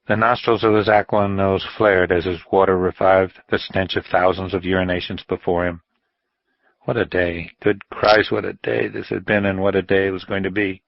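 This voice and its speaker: A man narrates a novel in a measured, even storytelling voice. His voice is very deep and low. The recording is close, dry and slightly dull. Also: no room sound. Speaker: audiobook narrator. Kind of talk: audiobook narration. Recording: dull dry studio audio.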